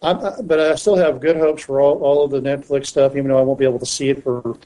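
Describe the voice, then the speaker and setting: A man's voice: mid-range voice, fairly even intonation, fast, dark tone, low-quality recording. A man chatting on a podcast panel, talking in a rambling, hesitant way with many restarts. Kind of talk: casual chat.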